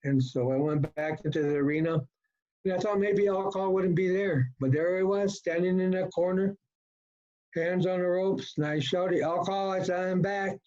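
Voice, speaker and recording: A middle-aged man from Colorado telling his personal recovery story at a meeting, folksy and halting, with many fillers. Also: high-pitched, warm tone. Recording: dull lo-fi talk recording.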